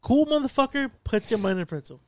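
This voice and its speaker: A man's voice: very high-pitched, lively intonation, quick pace, no echo. A man in casual podcast chat, brash and teasing, swearing freely.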